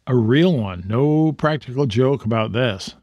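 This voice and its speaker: A man reading as a steady teenage boy. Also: medium pitch, a little slow, dry recording, muffled recording. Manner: steady, modest. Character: sensible teenage boy, the elder brother.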